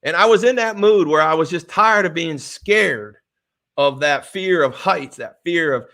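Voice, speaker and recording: High-voiced, animated middle-aged man storyteller. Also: a little slow. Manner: animated, emotional storyteller who restarts phrases. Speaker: motivational speaker and author. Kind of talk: personal storytelling talk.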